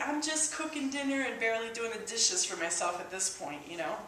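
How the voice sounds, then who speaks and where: A woman sharing a personal testimony at church, in a halting, emotional way with many restarts. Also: a little high, a bit bright. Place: church hall. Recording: echoey hall, distant mic, faint hiss.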